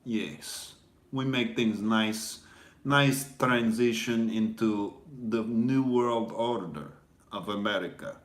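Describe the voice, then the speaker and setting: A man's voice: on the low side, slow pace. A man playing a boastful male Russian agent posing as a defector, speaking broken English in a put-on Russian accent. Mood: gloating. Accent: fake Russian. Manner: broken English, swaggering and gloating. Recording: echoey room.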